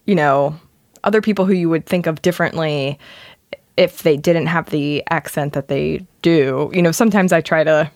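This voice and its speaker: A woman's voice: deep voice, moderate pace, a little mellow, no echo, studio quality. A woman with a Philadelphia accent co-hosting a podcast, chatting casually with lots of fillers and laughs. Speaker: podcast co-host. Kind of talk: casual chat.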